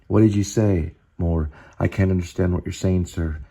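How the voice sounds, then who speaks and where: Guy reading out a calm rescuer, deep dark voice, soothing. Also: normal speed, creaky, breathy edge, heavily acted. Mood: pleading. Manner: soothing, pleading. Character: calm man comforting the injured.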